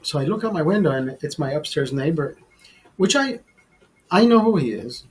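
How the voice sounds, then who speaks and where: Husky, profane man ranting to camera. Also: on the high side, animated, moderate pace, rough recording. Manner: agitated, profane, repeats himself. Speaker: vlog host. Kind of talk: casual storytelling rant.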